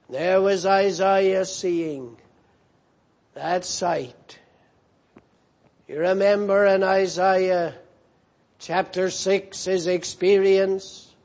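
A man preaching a sermon, slow and emphatic, repeating his phrases for weight. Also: high voice, a little mellow.

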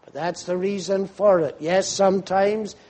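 A man preaching a fervent sermon, slow and emphatic, rising to loud cries when quoting pleas to God. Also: high-pitched, fairly even intonation.

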